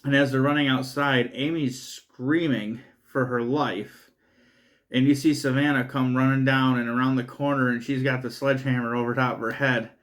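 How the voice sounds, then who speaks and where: A man's voice: medium pitch, fairly even intonation, moderate pace, fairly bright tone. A man recaps a horror film in a loose, casual review. He swears freely and laughs his way through the story, wandering from point to point. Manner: profane, laughing, rambling recap. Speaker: movie reviewer.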